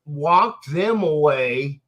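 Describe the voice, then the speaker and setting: A man's voice: fairly high pitch, expressive, very slow, fairly bright tone, lo-fi sound. A man in a casual chat laying out an emphatic hypothetical scenario.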